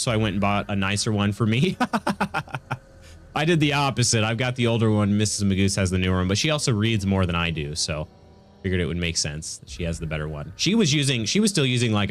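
A man streaming a video game, congested with a stuffy nose, chatting casually and laughing with his viewers. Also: on the low side. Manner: chatty, reacts to chat, laughs often. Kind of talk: casual gaming stream chat.

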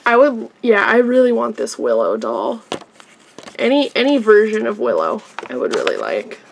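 A woman unboxing toys for her vlog, chatting casually and gushing excitedly to her viewers. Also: a little high, moderate pace, creaky, background noise. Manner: gushing, easily excited, addresses viewers as "you guys". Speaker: toy unboxing vlogger.

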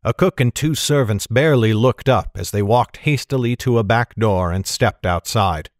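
A man narrating a fantasy novel in a steady, measured storytelling manner. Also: on the low side, dry recording, clean studio sound. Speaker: audiobook narrator.

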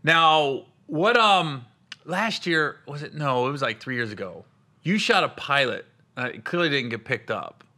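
Male comedian host, bright and fairly high voice, laughs through his stories. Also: animated, measured pace. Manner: laughing storyteller, acts out quotes. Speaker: podcast host. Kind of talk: casual chat.

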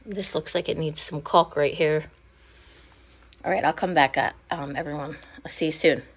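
Filming indoors on a handheld phone, this woman rambles casually through her home decor, a bit winded and saying sorry along the way. She speaks at a moderate pace in a voice that sits low.

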